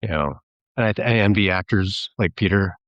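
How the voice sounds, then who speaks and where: Brief: very deep male voice, talkative filmmaker guest, dry dull lo-fi sound. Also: a little fast, dry recording. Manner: chatty, rambling, slips into mimicking voices when quoting. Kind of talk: casual podcast interview.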